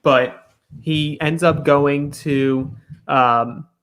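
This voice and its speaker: A man's voice: fairly high pitch, fairly even intonation, very slow, a bit bright, faint music behind. A man co-hosting a reality show recap in a casual chat, retelling scenes and briefly acting out the cast's lines.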